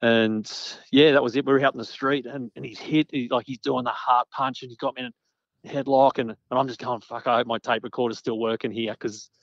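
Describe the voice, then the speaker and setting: A man's voice: mid-range voice, steady tone, fairly quick, no room sound. A man as a guest recalling interviews, rambling with many restarts and fillers. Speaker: guest journalist. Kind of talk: casual interview chat. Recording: dull lo-fi sound.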